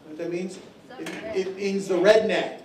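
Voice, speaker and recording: A man's voice: sits high, steady tone, moderate pace, crowd noise. A man from Tennessee, doing a stand-up comedy set in a drawling, storytelling way with lots of fillers. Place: comedy club stage. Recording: echoey room from a distance.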